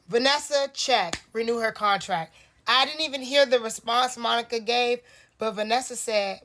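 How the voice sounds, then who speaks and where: A woman's voice: on the high side, moderate pace, a bit bright. A young woman giving blunt, sassy live commentary on a reality show, laughing and cursing as she reacts. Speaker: reaction vlogger.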